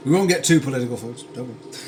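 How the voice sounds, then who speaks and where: A British man talks casually while he cooks, and his pitch rises and falls a lot. He is wry and full of tangents. Pans and dishes clatter clearly behind him in a home kitchen. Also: background noise. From United Kingdom. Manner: chatty and wry, with tangents and dry asides. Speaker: streamer cooking live. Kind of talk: casual cooking stream chat.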